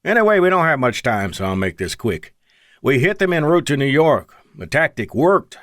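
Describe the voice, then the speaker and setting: A man voicing a gruff, vengeful male Air Force colonel with an East Texas drawl, speaking in urgent, clipped commands. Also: lowish voice, very animated, a little fast, no room sound, clean studio sound.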